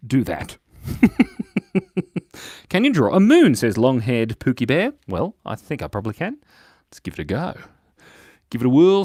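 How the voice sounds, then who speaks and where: A man's voice: medium pitch, dry recording, studio quality. A man with an Australian accent hosting a live drawing stream for kids, playful and jokey as he reads viewer comments aloud. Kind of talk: casual livestream chat.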